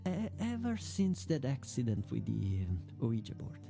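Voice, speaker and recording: A woman voicing a timid townsperson in a game, with a gravelly, creaky voice. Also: a bass voice, very animated, moderate pace, mellow, soft background music, pitched below the performer's own voice, heavily acted. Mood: nervous.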